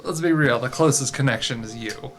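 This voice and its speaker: A player in a tabletop game speaks casually and offhandedly, with frequent laughs. The voice sits mid-range in pitch. Music plays clearly in the background. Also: fairly quick. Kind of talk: playing a character in a tabletop game.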